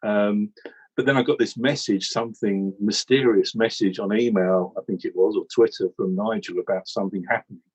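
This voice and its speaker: A man from England telling a rambling, animated story about joining a cricket commentary team, in casual chat with many restarts. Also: on the low side, brisk, husky, dull audio. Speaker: regular commentator recalling how he joined.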